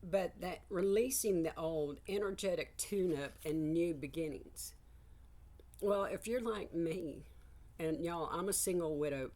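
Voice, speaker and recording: Low-voiced older woman rambling. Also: slow. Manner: meandering, frank, swears casually. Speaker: psychic reader. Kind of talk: casual spiritual vlog monologue.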